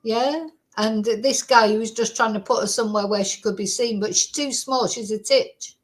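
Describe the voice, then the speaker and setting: A woman's voice: fairly high pitch, moderate pace. A woman, hosting and giving chatty, rambling live commentary. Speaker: host.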